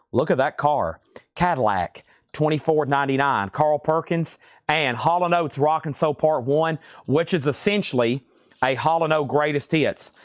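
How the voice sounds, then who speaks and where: A man's voice: fairly high pitch, no room sound, studio quality. A man hosting a live record sale, rattling off prices and catalog numbers while he has the hiccups. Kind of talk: live-stream auction selling.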